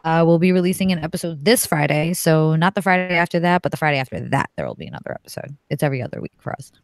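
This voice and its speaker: Brief: woman, 30s, low voice, dry close sound, swears freely, blunt and lively podcast guest. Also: rapid-fire, dry recording. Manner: profane, blunt and animated. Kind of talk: casual podcast chat.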